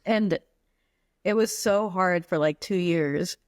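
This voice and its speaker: A woman's voice: on the low side, slow pace, dry recording, studio quality. A woman from the U.S. Virgin Islands, a podcast guest telling a personal story in a candid, casual and slangy way.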